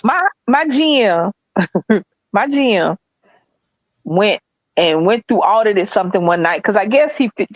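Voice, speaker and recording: A woman co-hosting a podcast, telling a story in a blunt, profane, animated casual chat. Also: medium pitch, a little slow, pauses often, dry recording, rough recording. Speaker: podcast co-host.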